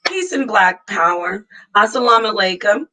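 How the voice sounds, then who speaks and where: A woman's voice: mid-range voice, lively intonation, normal speed, rough recording. A woman from Phoenix, Arizona hosting a casual online talk stream over a video call, playful and laughing. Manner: playful, laughing, warm greetings. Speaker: host.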